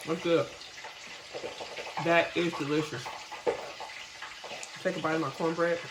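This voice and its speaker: A woman's voice: deep voice, little pitch movement, takes it slowly, long pauses, roomy sound, background noise. A woman hosting a cooking video, casually showing and tasting her home-cooked food. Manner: homey, churchgoing, tastes food on camera with mouth full. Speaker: cooking channel host.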